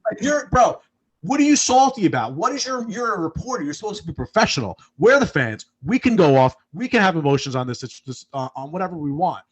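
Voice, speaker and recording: A man's voice: high-pitched, very animated, a little fast, breathy edge. A man in his thirties co-hosting a sports podcast, ranting heatedly with lots of swearing and restarts. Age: 30s. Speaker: podcast co-host. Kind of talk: casual sports talk.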